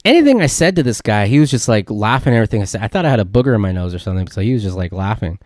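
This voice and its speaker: A young man hosts a casual solo podcast, rambling through an excitable story packed with "dude" and "like." His voice sits on the low side and sounds dry and close, with no room around it. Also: rapid-fire, no echo. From California. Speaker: podcast host.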